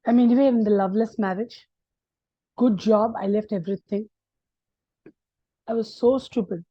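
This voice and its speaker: A middle-aged woman with an Indian English accent telling her life story as a guest, animated and acting out the people she quotes. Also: medium pitch, moderate pace, breathy edge, no room sound, dull audio. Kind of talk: personal storytelling.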